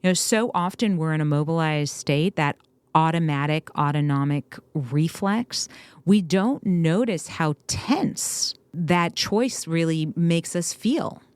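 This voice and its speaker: A woman's voice: low voice, slow, darkish tone, smooth, no echo. A middle-aged woman co-hosting a parenting podcast, affirming her partner and explaining ideas in a casual, encouraging way. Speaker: podcast co-host, doctor. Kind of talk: casual parenting advice chat.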